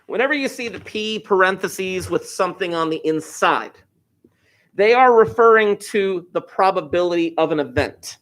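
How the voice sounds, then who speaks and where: A middle-aged man from New Jersey, a high school math teacher giving a classroom lecture full of chatty, enthusiastic asides. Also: lively intonation, normal speed, a bit bright.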